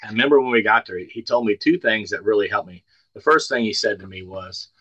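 A man in his sixties from the Ozarks, sharing his story at a recovery meeting over a video call. His voice sits a bit low and sounds bright and forceful. The sound is dry and close, and he spins his tale in a folksy, plainspoken way with dry humor. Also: brisk, dry recording, highs cut off. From Ozark Mountains, United States. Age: 60s. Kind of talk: personal testimony at a recovery meeting.

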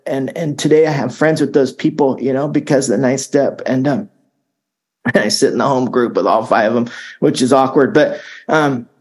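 A middle-aged man telling his recovery story in a casual, halting way, often repeating words and saying "man" and "dude". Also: mid-range voice, darkish tone. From Southern California. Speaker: speaker sharing recovery story. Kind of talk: recovery talk.

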